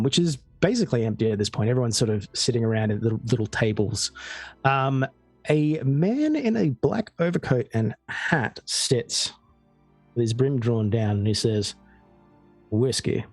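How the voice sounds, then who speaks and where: Australian male game master, relaxed, dry mic, faint music. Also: medium pitch, unhurried, no room sound. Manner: relaxed storytelling with frequent fillers. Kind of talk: narrating a tabletop game.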